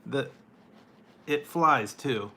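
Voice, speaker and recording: Male food-review streamer who talks slowly and brightly, easygoing and giggly with his viewers. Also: medium pitch, creaky, breathy edge. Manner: chatty, laughs often, greets viewers by name. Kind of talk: casual live chat with viewers.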